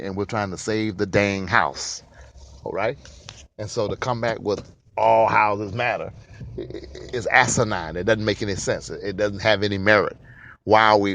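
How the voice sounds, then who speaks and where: A man's voice: low voice, fairly bright tone. A man hosting his own podcast, talking in an emphatic way and repeating phrases for stress. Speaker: podcast host. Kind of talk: solo podcast monologue.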